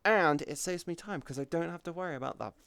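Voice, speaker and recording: A man's voice: on the high side, fast, gravelly, a bit bright, clear, resonant tone, no room sound. A man live streaming, talking openly and casually with his chat, swearing freely as he answers viewers.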